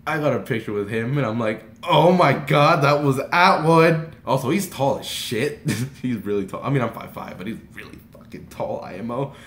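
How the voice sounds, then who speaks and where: A young man from Texas excitedly retelling a personal story as a vlogger, rambling and animated with lots of "like" and restarts. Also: mid-range voice, a little fast, hardly any pauses. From Texas, USA. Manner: rambling and animated, heavy use of "like", frequent restarts. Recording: roomy echoey room.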